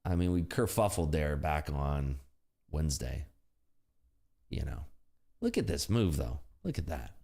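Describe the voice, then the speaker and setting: Male livestream host, deep voice that swings up and down a lot, loose jokey chatter, frequent laughter. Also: sing-song, unhurried, vocal fry, pauses often, mellow. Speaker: day-trading livestream host. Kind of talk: live trading commentary chat. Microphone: desk computer streaming setup.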